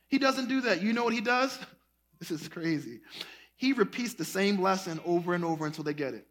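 A man's voice: high voice, brisk. A man preaching a sermon, casual and folksy, addressing the congregation as y'all and breaking into song. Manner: animated preaching, breaks into singing and shouting. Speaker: pastor.

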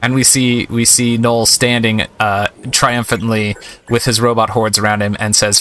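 A man's voice: lowish voice, little pitch movement, moderate pace, pushed and bright, a little hiss or hum. A man giving casual, chatty gameplay commentary, amused and thinking aloud as he plays. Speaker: let's-play host.

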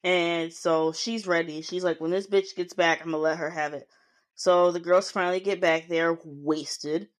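A woman's voice: on the low side, fairly even intonation, a little slow. Chatty, foul-mouthed woman podcaster. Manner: chatty, swearing freely, acting out quotes. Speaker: podcast host recapping a show. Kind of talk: casual recap chat.

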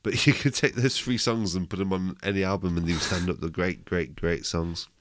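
A man's voice: sits low, steady tone, brisk, dry recording, studio quality. A man hosting a music podcast, leading casual chat with teasing, jokey banter. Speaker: podcast host.

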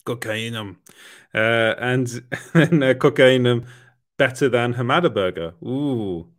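A young man hosts a casual livestream, reading out chat messages in an easygoing, rambling way that is broken by frequent laughs and fillers. His voice sits at an ordinary pitch. It is captured on a close, dry microphone with no room sound. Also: unhurried, no room sound. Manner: chatty, laughs often, filler-heavy. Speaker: livestream host. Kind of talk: casual live chat, reading viewer comments.

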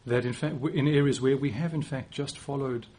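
A South African man in his forties delivers a sermon in a relaxed, conversational way. His voice is slightly husky and his pitch sits in an ordinary middle range. He often restarts phrases and teases himself gently as he talks. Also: fairly quick. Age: 40s. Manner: conversational, self-deprecating, with frequent restarts. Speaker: preacher.

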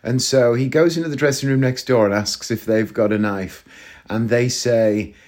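A man's voice: medium pitch, fairly even intonation, normal speed, darkish tone. A man in his thirties hosting a solo comedy podcast, rambling and self-deprecating as he tells stories. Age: 30s. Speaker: podcast host and actor. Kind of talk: casual comedic monologue.

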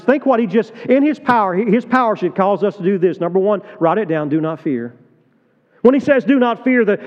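A middle-aged man preaches with a high, ringing voice, pressing his points hard and then dropping to a hushed, confiding tone. The sound is dull and lo-fi. A long church reverb trails behind every phrase. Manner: impassioned, swings from loud urgent appeals to low tender confiding. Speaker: pastor. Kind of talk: sermon. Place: church sanctuary.

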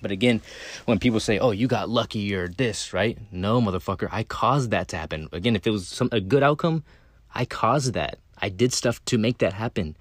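A man with a fairly low voice hosts his own podcast in a loose, unscripted monologue. He talks bluntly and swears a lot, leaning on "right?" and "again" as he goes. The sound is dry and close. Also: fairly quick, dry recording. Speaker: podcast host. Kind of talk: casual monologue.

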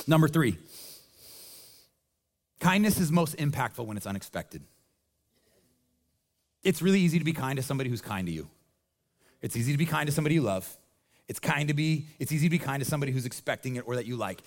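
A man preaching as a pastor in a conversational, animated way, often restarting his sentences. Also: a little high, fast, pauses often. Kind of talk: sermon.

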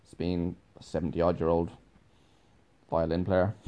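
A man's voice: deep voice, little pitch movement, a little slow, mellow. A young man telling a casual, rambling story, laughing often and filling his talk with "like". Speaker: podcast host, musician.

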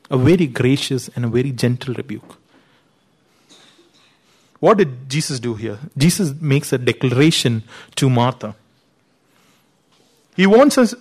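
A man preaching a sermon, teaching earnestly, pushing his voice up for emphasis and often saying "you know". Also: mid-range voice.

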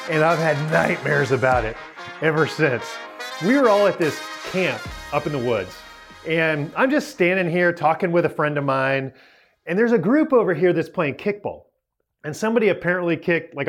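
A man in his forties, pitched a little above the usual male range, tells a story to young listeners. He is lively and self-mocking, laughing at his own mishaps as a youth speaker. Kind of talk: storytelling talk to a young audience.

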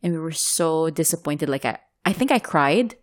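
A woman from the United Arab Emirates telling a story in a casual chat, animated and laughing often. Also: low-pitched, normal speed.

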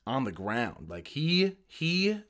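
Male army veteran guest, profane and animated, casual podcast storyteller, mid-range voice. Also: mid-range voice, takes it slowly.

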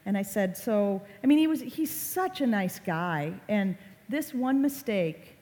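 A middle-aged woman speaks to an audience in a large hall, and her voice carries a long, ringing reverb. She tells her story with conversational drama, with the odd "um" and "like" along the way. Her pitch sits in an ordinary middle range. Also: expressive, a little slow, dark tone. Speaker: speaker on social media safety. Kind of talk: storytelling public talk.

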